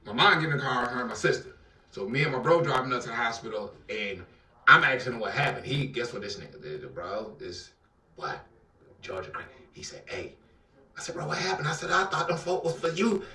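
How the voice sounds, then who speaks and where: A man with an Atlanta accent telling a dramatic personal story in an interview, acting out the voices and swinging between loud outbursts and near-whispers. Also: medium pitch, lively intonation, a little fast. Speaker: guest telling his life story. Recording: roomy, somewhat distant mic.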